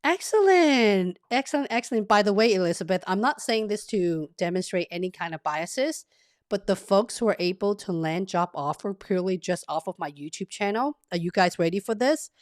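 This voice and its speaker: A woman's voice: fairly low pitch, fairly quick, no room sound, clean studio sound. Upbeat woman coaching on a live stream. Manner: chatty and upbeat, with frequent "okay?" check-ins. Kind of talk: casual live-stream coaching, reading chat aloud.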